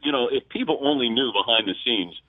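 A man from Ohio, a sportscaster calling into a radio show, telling a story in a lively way and acting out the voices of others. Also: mid-range voice, fairly quick, no room sound. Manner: animated storyteller, acts out quotes. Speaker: sportscaster guest. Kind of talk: phone-in radio interview, storytelling. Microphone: phone. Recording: tinny phone line, dry.

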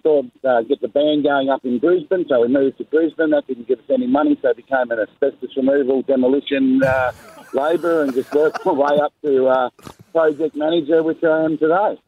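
A man's voice: medium pitch, steady tone, a little fast, mellow. A man calling in to a radio show, telling his work history in a hesitant, plain way. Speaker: caller. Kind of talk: phone-in call. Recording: tinny phone line.

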